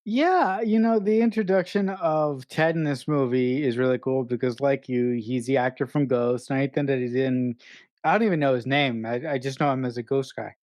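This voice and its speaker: A man's voice: medium pitch, darkish tone, dry recording. Guy cohost, keeps repeating himself, he he you know, dry close mic. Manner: halting, repeats words and restarts often. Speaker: podcast co-host. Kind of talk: casual film review chat.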